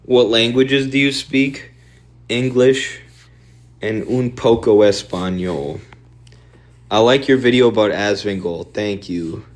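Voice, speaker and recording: A man streaming and answering viewer questions in a quick, offhand, opinionated way. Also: lowish voice.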